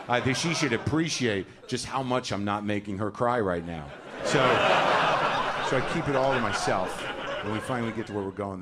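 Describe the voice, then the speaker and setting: A man in his forties does a stand-up set on a comedy club stage before a live audience, ranting neurotically and acting out little scenes with voices. His voice is lowish with a fairly bright tone.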